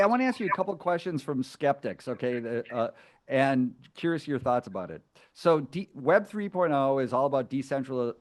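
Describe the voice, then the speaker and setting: A man hosting an interview, talking enthusiastically with strong emphasis and frequent restarts. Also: medium pitch. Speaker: interview host. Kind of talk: conversational interview.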